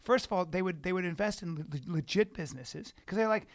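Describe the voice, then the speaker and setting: High-voiced man riffing excitedly. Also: fast talker, few pauses. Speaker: podcast co-host. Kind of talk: casual chat.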